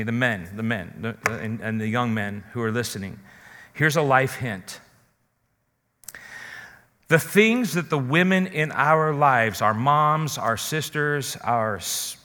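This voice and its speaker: A pastor preaches a sermon, speaking earnestly and directly to his listeners. His voice is high-pitched, bright, and forceful, trailed by a long reverb.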